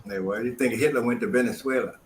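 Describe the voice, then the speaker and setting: A man's voice: mid-range voice, quick pace. A man co-hosting a casual podcast, trading laid-back jokes and banter. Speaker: podcast co-host. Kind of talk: casual chat. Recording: echoey room with faint noise.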